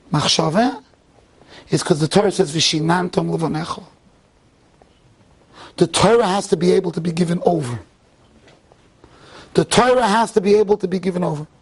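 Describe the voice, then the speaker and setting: Rabbi at a tribute event: a man with a high, husky voice, animated and full of restarts. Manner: animated, restarts often, mixes Hebrew and Yiddish phrases. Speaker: rabbi speaker. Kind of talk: tribute speech with storytelling. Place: event hall.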